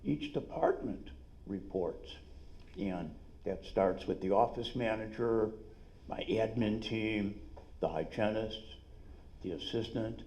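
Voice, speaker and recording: A middle-aged man with a New York twang pitches business ideas to a conference crowd with punchy, salesy energy and quick asides. His voice sits fairly low and has a mellow, dark tone. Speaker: dentist and business speaker. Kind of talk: live seminar talk. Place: conference room.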